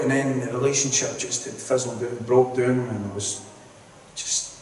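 A man's voice: medium pitch, fairly even intonation, moderate pace, a little mellow, a little hiss or hum. Man preaching in an echoey hall. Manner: earnest, rambling, self-interrupting. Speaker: lay preacher giving testimony. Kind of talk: sermon testimony. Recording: echoey hall, distant mic.

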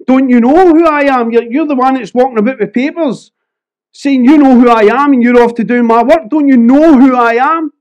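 A man's voice: very high voice, fairly quick, highs cut off, voice pushed up. A man voicing Jesus as a stern, insistent divine figure with an Edinburgh Scottish accent, in a sermon. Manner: insistent, repeating questions.

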